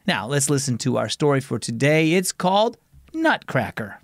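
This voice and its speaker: A man's voice: mid-range voice, lively intonation, normal speed, dry recording, clean studio sound. A man hosting a children's devotional program, narrating scripted stories in an upbeat, friendly way. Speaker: host.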